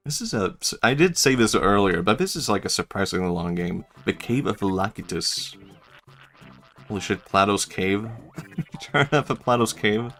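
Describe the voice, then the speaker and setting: A man's voice: lowish voice, lively intonation, normal speed, a bit bright, faint music behind. A young man streaming a game, chatting casually, rambling and laughing often as he jokes. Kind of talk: casual gaming stream chat.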